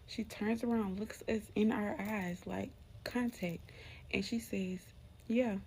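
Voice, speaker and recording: A woman's voice: medium pitch, fairly even intonation, unhurried, gravelly, slight background noise. A young woman from Alabama, casually telling a true spooky story straight to her viewers. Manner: chatty, addresses viewers as y'all, drops to a hushed tone for spooky parts. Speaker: storyteller, channel host.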